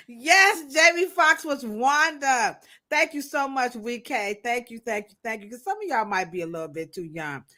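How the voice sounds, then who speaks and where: Bright-voiced playful woman co-host. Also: fairly high pitch, animated, moderate pace. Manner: playful, slangy, laughing, talks to the chat. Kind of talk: casual live-stream chat.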